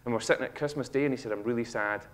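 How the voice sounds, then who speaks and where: A man in his thirties with a Scottish accent, giving a humorous motivational talk on stage and acting out a child's lines with animated storytelling. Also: medium pitch, very fast. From Scotland. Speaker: speaker. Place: auditorium stage.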